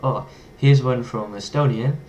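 A man's voice: mid-range voice, a little slow, a little mellow, slight background noise. A man casually talking to camera as a vlogger, playful and chatty, stumbling over tricky words and laughing at himself.

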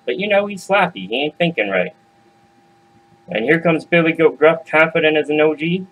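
A man hosting a grown-up storytime, narrating in a slangy, swaggering, profane way with sudden loud bursts. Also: on the high side, animated, moderate pace, poor audio. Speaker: storyteller and host. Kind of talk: casual adult storytime narration.

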